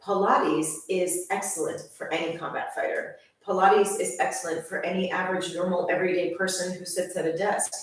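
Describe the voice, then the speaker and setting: A woman's voice: fairly low pitch, steady tone, a little fast, few pauses. Chatty woman, far off in echoey room. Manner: chatty, enthusiastic, speaks straight to viewers. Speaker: fitness instructor. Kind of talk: casual channel introduction.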